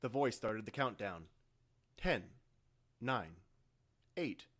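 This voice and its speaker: A man, the author, reading his own science fiction story aloud in steady, even narration. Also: on the low side, slow pace, pauses often. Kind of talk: audiobook narration.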